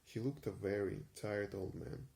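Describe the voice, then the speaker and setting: A man giving an unhurried ASMR reading of a vintage story, with frequent small hesitations. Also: fairly low pitch, creaky, darkish tone. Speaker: reader.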